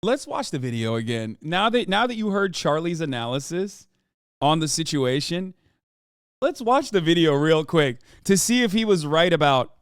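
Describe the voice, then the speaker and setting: A man in his thirties streaming, reacting to a video in casual, profane, animated commentary. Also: fairly high pitch, moderate pace, smooth, no echo, clean studio sound. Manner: profane, animated, repeats "okay?" often.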